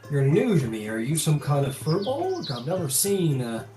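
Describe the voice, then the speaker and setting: A man's voice: fairly high pitch, very animated, moderate pace, dark tone, echoey room, faint music behind. A man voicing a blunt, nosy young human man who talks in a wary, suspicious way.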